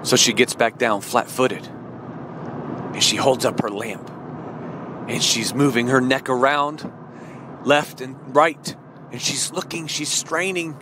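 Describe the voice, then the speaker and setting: A man's voice: medium pitch, fairly even intonation, takes it slowly, long pauses, pushed and bright, a little hiss or hum. A man preaching a sermon, retelling a parable and addressing his listeners directly with emphatic questions. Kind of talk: sermon storytelling.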